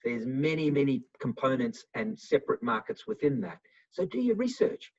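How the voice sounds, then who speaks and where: Husky man on a muffled call. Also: mid-range voice, moderate pace. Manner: animated, acts out little dialogues. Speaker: webinar speaker. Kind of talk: motivational talk answering questions. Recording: muffled video call audio.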